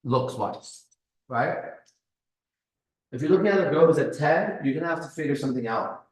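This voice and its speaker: A man hosting a casual live stream, boastful and profane, with his voice swinging between low mutters and loud bursts. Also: animated, normal speed, echoey room, rough recording. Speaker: pickup coach host. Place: kitchen.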